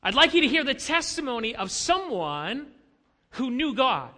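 A man's voice: extremely high pitch, big pitch swings, normal speed, pushed and bright, big-room sound. A man preaching as a pastor, asking rhetorical questions and building to emphatic lines. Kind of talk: sermon.

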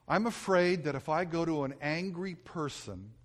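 A man's voice: a little high, lively intonation, moderate pace. A middle-aged male pastor preaching a sermon, telling stories about himself and mocking himself as he goes. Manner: storytelling, self-mocking, acts out his own yelling.

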